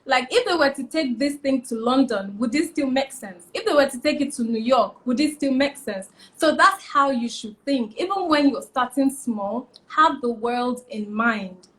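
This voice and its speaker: A woman's voice: high voice, moderate pace, hardly any pauses. A young woman, a fashion stylist giving emphatic advice as a guest in a casual interview. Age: young adult. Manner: emphatic, repeats key points, animated.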